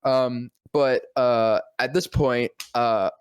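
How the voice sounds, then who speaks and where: A voice actor telling a breathless, profane, self-mocking story on a podcast. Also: male voice, mid-range voice, steady tone, takes it slowly, clear, resonant tone, no room sound, lo-fi sound. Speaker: voice actor and guest. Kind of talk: excited anecdote telling.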